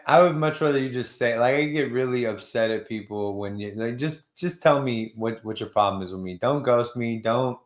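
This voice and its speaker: A man in his thirties from Texas, hosting a live chat show, talking in a loose, slangy way with swearing and quick laughs. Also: mid-range voice, roomy sound. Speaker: host. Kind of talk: casual chat.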